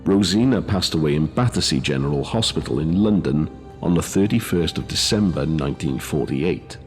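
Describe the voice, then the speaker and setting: A man narrating a scripted ghost story in a measured way, with dry asides. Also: extremely low pitch, lively intonation, faint music behind. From Wales. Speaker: host and narrator.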